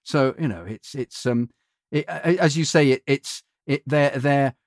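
A man, a voiceover actor, telling animated anecdotes in a casual interview. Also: mid-range voice, unhurried, dry recording, clean studio sound. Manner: animated storyteller, mimics other voices in quotes. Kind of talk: anecdotal chat.

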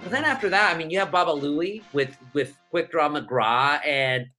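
A man from Southern California, talking in a casual interview as a guest columnist, animated and full of fillers. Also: on the high side, normal speed, over music. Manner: animated, many fillers, quotes his younger self.

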